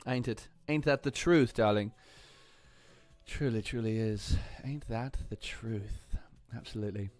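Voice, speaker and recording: Man voicing a vain, teasing diva type, drawled "darlings", slightly low and hushed, dry close mic. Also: unhurried, no room sound, lightly acted. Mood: sassy. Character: sassy, vain man calling everyone darling.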